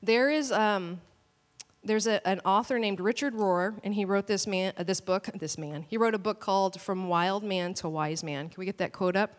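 A woman pastor preaching a sermon with animated, storytelling delivery. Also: medium pitch, normal speed. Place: church hall. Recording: long church hall reverb.

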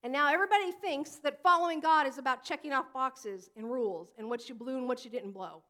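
A woman in her thirties preaching a sermon as pastor, in a conversational, animated way that slips into acted quotes. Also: high-pitched, a little fast.

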